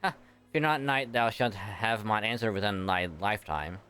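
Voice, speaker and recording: Brief: man doing an ancient female dragon, stately archaic speech, deep-leaning clean voice. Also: normal speed, bright, forceful tone, clean tone, soft background music. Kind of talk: reading game dialogue aloud.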